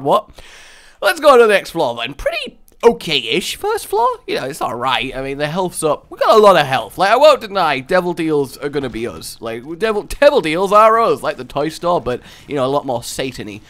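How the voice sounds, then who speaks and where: A young man riffing over a video game, his voice bouncing with lots of pitch movement and sitting a bit high for a man. He drifts into playful, rambling tangents between game remarks. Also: sing-song, moderate pace, fairly bright tone. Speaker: let's play host. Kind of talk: casual gameplay commentary.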